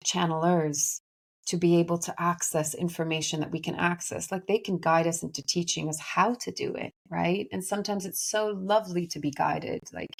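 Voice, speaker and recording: A woman's voice: lowish voice, steady tone, moderate pace, vocal fry. A woman talking in a casual, reflective monologue as a spiritual reader, thoughtful and rambling, with many fillers and restarts.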